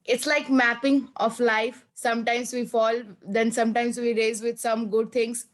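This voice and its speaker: Woman student on a video call, polite, a bit hesitant, kinda high voice. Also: level tone, a little slow. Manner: polite, hesitant non-native phrasing. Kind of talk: answering in an online class.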